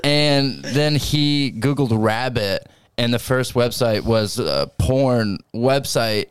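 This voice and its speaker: A man who is a guest on a comedy podcast, telling dark jokes and anecdotes in a deadpan way. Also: medium pitch, slow, clear, resonant tone, no echo, studio quality. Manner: deadpan, dark-humored storytelling. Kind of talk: casual comedic chat.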